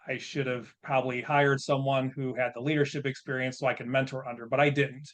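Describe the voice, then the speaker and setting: A man's voice: medium pitch, little pitch movement, a little fast, fairly bright tone. A man in his fifties, a podcast guest, telling a story in a frank, plain-spoken, self-reflective way.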